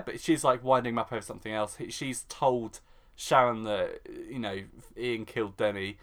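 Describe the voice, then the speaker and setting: A woman's voice: extremely low pitch, normal speed. A woman co-hosting a podcast, recapping a soap in casual chat and acting out the characters in mock voices. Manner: animated, acts out characters in mock voices, laughs often. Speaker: podcast co-host.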